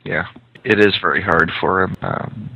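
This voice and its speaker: A man with a deep, gravelly voice talks through a story on a podcast, thoughtful and a little wry. His tone is bright and edgy, and the sound is dry and close. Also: fairly even intonation, a little slow, rough recording. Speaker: podcast co-host, fan fiction author. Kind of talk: casual discussion.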